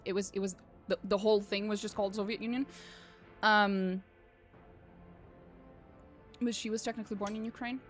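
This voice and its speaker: A woman's voice: medium pitch, steady tone, moderate pace, pauses often, faint music behind. Chatty young woman streamer, swearing casually. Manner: chatty, swearing, laughing often. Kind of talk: casual chat while gaming.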